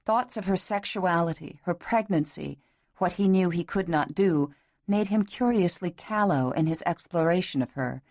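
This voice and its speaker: Low-voiced woman reading an audiobook. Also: moderate pace, a little mellow, no echo, clean studio sound. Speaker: audiobook narrator. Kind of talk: scripted narration.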